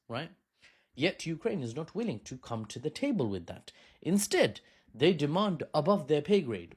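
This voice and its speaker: A man delivering an opinionated political commentary in a loose, conversational way. He argues his points directly and keeps throwing in rhetorical asides to the listener. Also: medium pitch.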